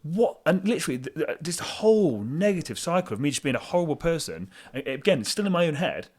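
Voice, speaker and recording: Fast-talking candid man. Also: fairly high pitch. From England. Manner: fast, animated, candid, self-deprecating. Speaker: podcast guest. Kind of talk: candid conversational storytelling.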